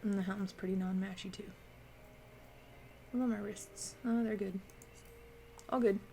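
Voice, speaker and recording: A woman's voice: mid-range voice, steady tone, normal speed, mellow, slight background noise. Chatty woman streaming a game. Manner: chatty, thinks aloud, talks to chat. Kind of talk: casual live-stream commentary while playing.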